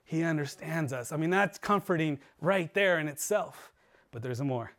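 Man, pastor, high voice, earnest sermon, drops soft for emphasis. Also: lively intonation, moderate pace. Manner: earnest preaching, voice dropping low and soft for emphasis. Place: church livestream.

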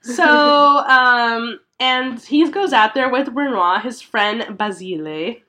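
A woman's voice: fairly high pitch, takes it slowly, pushed and bright. A woman hosting a podcast, telling history in a chatty storytelling way with lots of fillers. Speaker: podcast host. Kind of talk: casual art history chat.

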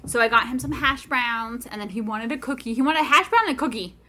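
A woman's voice: fairly high pitch, fast, bright, forceful tone, a little hiss or hum. A woman in her thirties, a podcast co-host, telling a story in casual chat, swearing freely.

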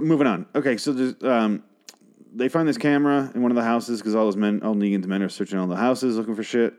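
Crude, rambling man recapping a show. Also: fairly low pitch. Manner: rambling, crude, animated asides. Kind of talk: casual profane recap.

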